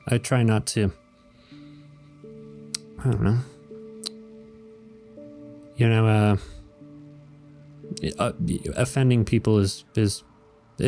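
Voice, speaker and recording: A male host who reads out comic strips and comments on them in a loose, rambling way, often hesitating and chuckling. His voice is low and mellow. Soft music plays faintly behind him. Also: vocal fry.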